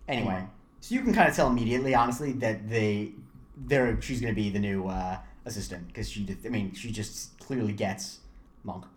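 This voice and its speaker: A young man co-hosting a podcast in casual chat. He rambles, restarts his sentences and gets animated when a story takes off. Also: on the low side, brisk. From Florida. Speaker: podcast co-host.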